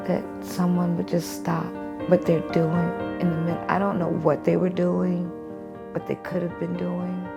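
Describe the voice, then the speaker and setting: A woman's voice: fairly low pitch, completely flat delivery, measured pace, gravelly, loud music behind the voice. A woman being interviewed at home for a documentary, telling a personal story in an earnest, heartfelt way. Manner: earnest, heartfelt storytelling, sing-song when quoting others.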